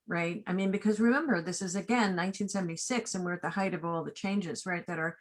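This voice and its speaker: A woman in her sixties, a casting director being interviewed, who tells personal stories in an animated, rambling way full of asides and tag questions. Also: on the low side, quick pace, hardly any pauses. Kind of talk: remote interview, personal storytelling.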